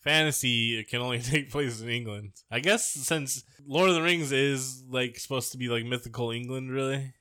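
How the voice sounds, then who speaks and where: A man's voice: medium pitch, normal speed, hardly any pauses, sharp tone, no echo, clean studio sound. A man co-hosting a podcast, talking in a crude, rambling, jokey way. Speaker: podcast co-host. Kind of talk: casual comedic chat.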